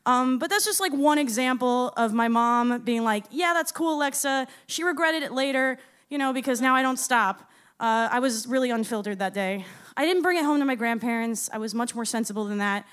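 A woman's voice: fairly high pitch, fairly quick, a bit bright, clear, resonant tone. A woman in her thirties telling a story live on stage, with a casual, profane, self-deprecating manner and frequent laughs. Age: 30s. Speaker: storyteller and musician.

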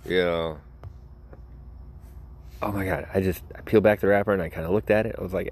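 A man's voice: low-pitched, steady tone, a little fast, long pauses, a little mellow. A young man hosting a casual show, telling rambling, joking stories with many asides and self-interruptions. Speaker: podcast host.

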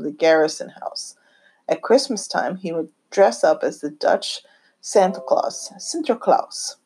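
Husky woman reading a family memoir. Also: lowish voice. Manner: gentle, unhurried reminiscing. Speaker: narrator.

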